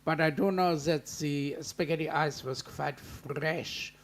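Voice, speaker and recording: Jovial guy in a broad mock German accent, as a man hams it up, slow and higher-pitched. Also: steady tone. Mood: teasing. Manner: hammy exaggerated German accent.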